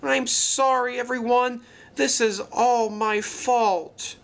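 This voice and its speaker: A man's voice: on the high side, big pitch swings, a little slow, bright, forceful tone, exaggerated voice. Man voicing a jittery young storybook engine. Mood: panicked. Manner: stammering, panicky. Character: young male tank engine, nervous and jumpy.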